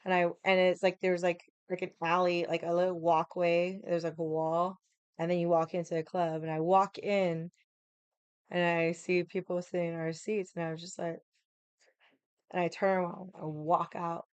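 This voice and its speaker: Woman, low-pitched, smooth voice, blunt profane storytelling. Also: level tone, normal speed, no room sound. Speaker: vlogger. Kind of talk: casual storytelling. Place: home room with the AC running.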